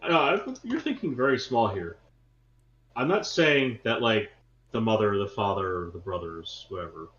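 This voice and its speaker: A man's voice: on the low side, very animated, unhurried, a bit bright. An American man co-hosting a podcast, talking in a blunt and combative way. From United States. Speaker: podcast co-host. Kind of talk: casual chat. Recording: roomy, dull remote audio.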